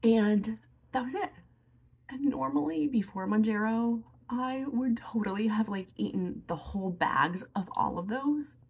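With a fairly high voice, a breathy edge and a measured pace, a woman vlogs casually while applying makeup. The beauty and lifestyle vlogger is chatty and emotional, occasionally teary, and says "like" a lot.

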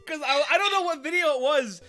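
A young woman hosting a casual game session with a friend, giggling often and breaking into loud swearing outbursts. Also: high-pitched. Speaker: gaming channel host. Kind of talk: casual let's-play chat.

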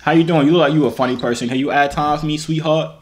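A man's voice: on the high side, fairly even intonation, racing, a little hiss or hum. Teasing man hosting video chats. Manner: teasing, slangy banter. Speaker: host. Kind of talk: casual chat.

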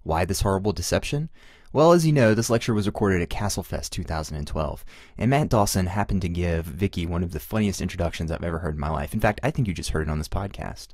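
A man's voice: low voice, quick pace, darkish tone, dry recording, clean studio sound. A man hosting a medical podcast, chatty and self-deprecating as he sums up lecture slides. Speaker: podcast host. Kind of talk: casual explanatory podcast narration.

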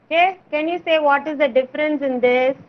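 A woman teaching letter sounds to small children in an online class, slow and coaxing, repeating words for them. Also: high-pitched. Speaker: kindergarten teacher. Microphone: video call. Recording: dull lo-fi video call audio.

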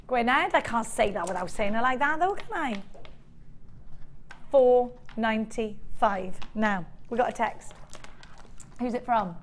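A woman's voice: on the high side, expressive, unhurried, long pauses, slight background noise. A woman presenting on a shopping channel, chatty and upbeat as she sells jewelry live. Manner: chatty, upbeat, bubbly selling. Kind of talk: live TV sales patter.

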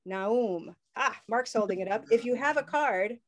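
A woman's voice: on the high side, unhurried. A woman teaching English pronunciation in a live online class, upbeat and leading call-and-response chants over a video call.

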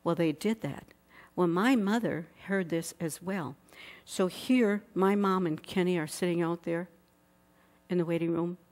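A middle-aged woman giving a sermon, telling a personal testimony in an animated way and asking the congregation questions. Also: fairly low pitch, a little slow. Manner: animated storyteller, acts out voices, asks the congregation questions. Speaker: pastor's wife preaching.

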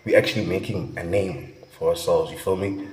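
Young South African guy, low voice, hyped slangy reaction chat, echoey reverberant room. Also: steady tone, fairly quick. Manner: slangy, hyped, peppered with "bruh" and "you feel me". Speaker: music reaction vlogger.

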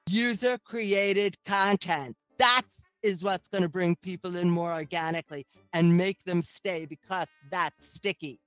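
A woman's voice: lowish voice, a bit bright, no echo, rough recording. A middle-aged woman performing a teasing, sardonic stand-up comedy set as host. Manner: sardonic, teasing, mock-sweet asides.

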